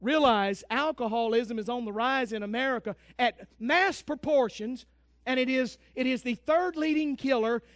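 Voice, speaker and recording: A man preaching, his voice sitting strikingly high for a man. He delivers a fervent sermon, swinging from loud declarations down to hushed, intense asides. The recording is very dry, with no room sound at all. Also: normal speed, no room sound. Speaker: pastor.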